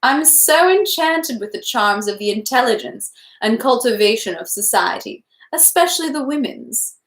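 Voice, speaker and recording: A woman reading the lines of a flattering Italian gentleman with a falsely sweet manner. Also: on the high side, normal speed, echoey room. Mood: sugary. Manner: sugary and flattering.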